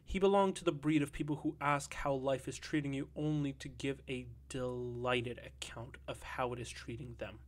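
Male audiobook narrator, measured and even, scripted literary reading. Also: medium pitch.

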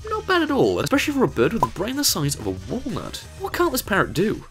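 Lively upbeat male voice-over narrator. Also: high-pitched, quick pace, faint music behind. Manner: upbeat, with playful asides. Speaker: narrator of a fact video channel. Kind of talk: scripted narration.

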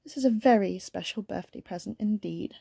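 A gentle mother bear from a bedtime storybook, as a woman reads her. She speaks softly and quietly. The sound is dry and close. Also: mid-range voice, a little fast, gravelly, breathy edge, no room sound. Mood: tender.

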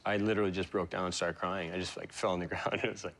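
A man with a fairly low voice recalls his past as an interview guest. He talks in a halting, emotional way, stopping and restarting often with fillers. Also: flat delivery, a bit bright. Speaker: interview guest, pro surfer. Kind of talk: reflective interview storytelling.

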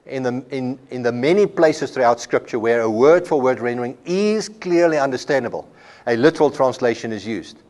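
A man's voice: mid-range voice, lively intonation, fairly quick, darkish tone. Man lecturing a Bible college class. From South Africa. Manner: explains with homely examples, repeats words when restarting.

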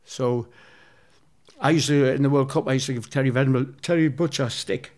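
A man's voice: medium pitch, fairly even intonation, a little mellow. Rambling, foul-mouthed man telling stories. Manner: rambling, heavy swearing, quick restarts. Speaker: interview guest. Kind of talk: casual anecdotal storytelling.

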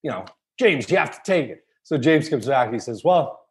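A man's voice: medium pitch, animated, normal speed, darkish tone. A man co-hosting a podcast, telling a self-deprecating story in a casual chat. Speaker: podcast co-host.

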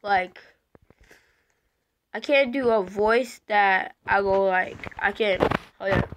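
A woman playing an online game, slightly hoarse from being sick, excitedly calling out what happens on screen. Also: medium pitch, takes it slowly, low-quality recording. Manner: excitable, shouting out reactions to the game. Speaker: gamer.

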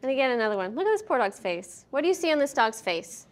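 A woman giving a veterinary behavior lecture at a conference, lively and questioning the audience, acting out what the dogs feel. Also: sits high, quick pace. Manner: lively, asks the audience questions, acts out dogs' thoughts. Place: conference hall.

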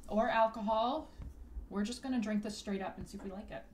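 A woman's voice: medium pitch, steady tone, fairly quick, darkish tone, a little hiss or hum. A young woman from Canada co-hosting a snack tasting video in a playful, exclaiming casual chat. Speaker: co-host of a snack tasting channel.

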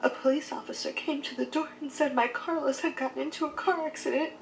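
A woman's voice: sits high, steady tone, quick pace, creaky, reverberant, slight background noise, low-quality recording. A proud grieving young mother. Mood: sorrowful. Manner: earnest, heartfelt storytelling. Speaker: struggling mother. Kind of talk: scripted drama acting.

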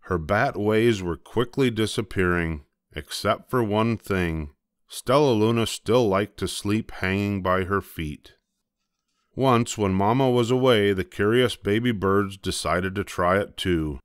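An older man gently reading a children's picture book aloud, slowing down for the dramatic moments. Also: lowish voice, no room sound, clean studio sound. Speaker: storybook reader.

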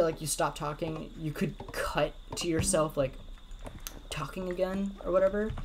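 A woman's voice: lowish voice, darkish tone, a little hiss or hum. A woman giving casual gameplay commentary, rambling and leaning on lots of filler words. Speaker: gameplay video creator. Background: game music.

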